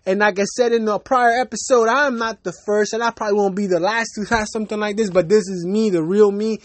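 A man's voice: high voice, fairly even intonation, brisk. A man hosting his own podcast, delivering a heated, profane rant in a casual way and laughing at himself now and then. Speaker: podcast host. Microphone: basic home setup, no fancy gear.

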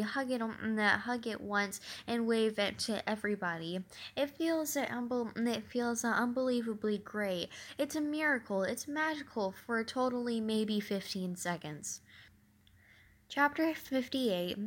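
A woman reads a middle-grade novel aloud in a fairly high voice. Her delivery halts often, full of ums, uhs and restarted words. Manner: halting, many fillers and restarts. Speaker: reader.

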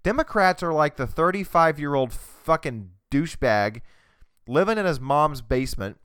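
A man's voice: on the high side, animated, normal speed, a bit bright, smooth, no room sound, clean studio sound. A man hosting a podcast, ranting crudely and mockingly on a desk microphone. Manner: profane, mocking, with mimicked voices. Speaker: podcast host. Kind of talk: crude comedic rant. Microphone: desk USB microphone.

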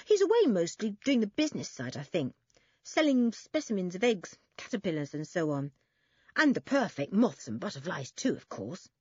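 A woman's voice: medium pitch, very animated, moderate pace, dark tone, slightly rough, dry recording, lo-fi sound. A woman voicing a bold, chatty farm boy in a storybook reading.

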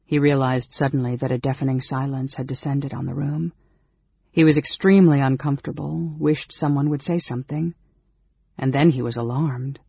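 A man narrating a fantasy audiobook with a steady, measured reading. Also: medium pitch, vocal fry, husky, no room sound. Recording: dull, dry lo-fi recording.

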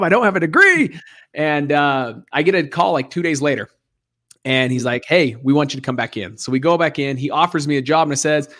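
A man in his thirties, an interview guest who tells his story in a lively way and acts out the other voices. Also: mid-range voice. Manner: animated storyteller acting out dialogue. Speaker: guest, real estate investor.

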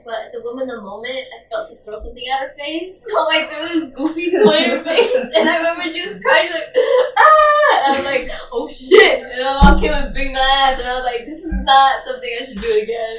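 A woman's voice: high-pitched, fast talker, few pauses, distant mic, a crowd in the background. A young woman in casual chat, rambling through childhood memories, full of "like" and frequent giggles. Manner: giggly, rambling, filler-heavy. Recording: echoey room, away from mic.

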